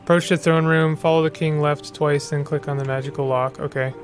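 A man's voice: fairly high pitch, level tone, brisk, faint music behind. A man giving playful let's play commentary, reacting and joking as he plays. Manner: playful, reacts and jokes while reading aloud. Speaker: gaming video creator.

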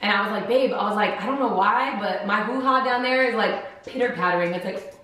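A woman's voice: mid-range voice, fairly quick, a bit bright. A young woman vlogger chatting to camera, emotional and laughing through tears. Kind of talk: casual chat to camera. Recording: echoey room with music behind.

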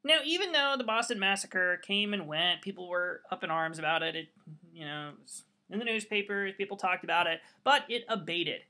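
A man's voice: sits high, fairly quick, bright, forceful tone. A man giving a history lecture with sarcastic, wry asides. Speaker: history teacher.

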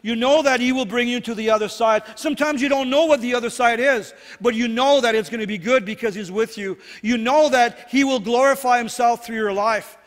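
A man's voice: very high-pitched, a little fast, few pauses. A man preaching a sermon as pastor, earnest and repetitive, often checking in with "right?". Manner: earnest, repeats phrases, asks "right?" often. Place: church sanctuary. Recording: long hall reverb.

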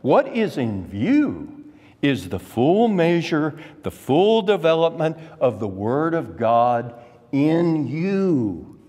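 Middle-aged man, Texan accent, sermon, lively swooping pitch, slow deliberate delivery, church reverb. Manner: emphatic, slow deliberate preaching with rising exclamations. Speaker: preacher. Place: church sanctuary. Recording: long hall reverb.

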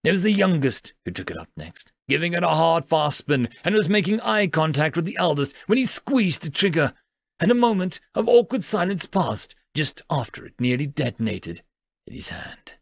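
A man narrating a science fiction story in an expressive, dramatic reading. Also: fairly high pitch, normal speed, gravelly, no room sound, studio quality. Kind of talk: scripted narration.

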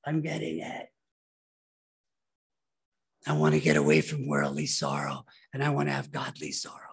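A male pastor delivering a sermon in church with a gravelly, husky voice. He preaches emphatically and keeps urging the congregation to listen. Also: extremely low pitch, very animated, normal speed.

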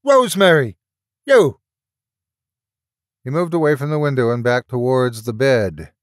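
A man reading a horror audiobook aloud with a dramatic, measured delivery and slow pauses. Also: mid-range voice, a little mellow, smooth, dry recording, clean studio sound. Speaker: audiobook narrator. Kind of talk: scripted horror audiobook narration.

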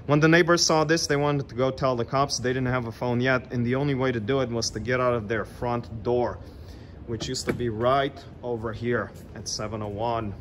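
A man's voice: medium pitch, steady tone, moderate pace, a bit bright, a little hiss or hum. A middle-aged man, a tour guide, animatedly telling a legend outdoors on a city street and pointing out spots. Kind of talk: storytelling on a walking tour.

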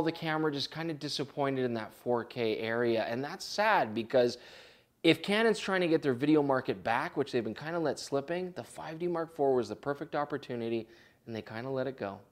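A man, co-hosting a casual, joking chat about camera gear. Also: a little high. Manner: animated, jokey, laughs often. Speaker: co-host of camera gear show.

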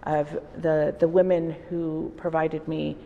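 A woman's voice: low voice, level tone, slow pace, creaky, warm tone, dull audio. A middle-aged woman from El Salvador, a wood-carving artist, telling personal stories in a reflective interview. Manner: reflective, storytelling. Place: art exhibition hall. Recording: reverberant exhibition hall.

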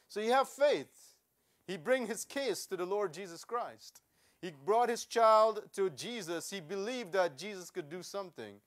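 A man with a Southern US accent preaching a sermon as pastor, repeating prayerful pleas and building to fervent, louder prayer. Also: high-pitched. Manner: preaching with prayerful pleading and repetition.

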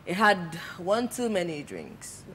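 A woman co-hosting a talk show, joking and animated, telling stories and acting out little scenes. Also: fairly low pitch, slow pace, a little hiss or hum. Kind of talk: casual chat.

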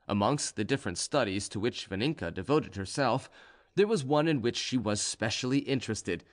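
A man reading a classic novel aloud as an audiobook narrator, in a measured, even storytelling manner. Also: medium pitch. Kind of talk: scripted narration.

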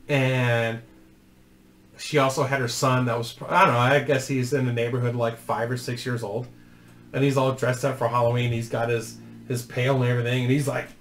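A man's voice: medium pitch, reverberant, a little hiss or hum. A man hosting his own channel, telling a casual story to camera in a rambling, profane way and laughing through it. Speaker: YouTube host.

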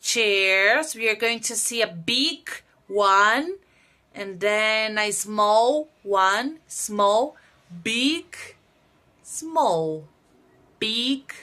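A woman teacher talking to young children, repeating words slowly and clearly. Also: on the high side, bright, forceful tone.

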